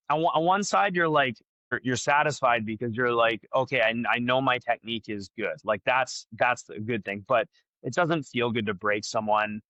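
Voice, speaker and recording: A man, a jiu-jitsu black belt and gym owner, talking candidly as a podcast guest and thinking out loud with lots of fillers. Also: medium pitch, no echo, dull audio. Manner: candid, frank, talks through his thinking with many fillers. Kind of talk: casual podcast conversation.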